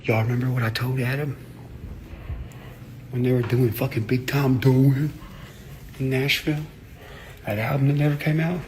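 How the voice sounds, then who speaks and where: A man's voice: mid-range voice, steady tone, moderate pace, long pauses, darkish tone, a little hiss or hum. A man ranting casually and profanely on a livestream, boastful and laughing often. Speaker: livestream host.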